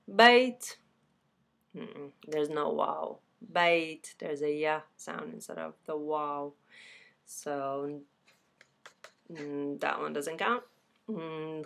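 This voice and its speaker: Slow, low-voiced woman teacher for a beginner lesson. Repeats every word twice, relaxed and chatty. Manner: casual, self-correcting. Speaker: Arabic teacher.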